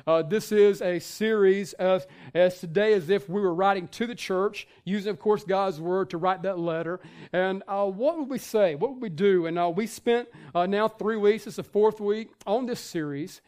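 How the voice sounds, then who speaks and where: A man's voice: high voice, moderate pace, darkish tone, smooth. A male pastor giving a sermon in a conversational way, with many fillers and restarts.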